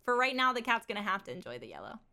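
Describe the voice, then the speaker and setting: A woman's voice: on the high side, huge pitch swings, racing, creaky, bright, forceful tone. A woman live streaming from home, talking in a rambling, casual way and swearing and laughing often.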